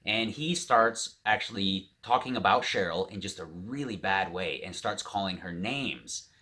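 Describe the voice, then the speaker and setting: Speaking low and a touch slowly, this man recounts a story to camera in a casual storytelling vlog. He stays animated and quotes others in his own unchanged voice.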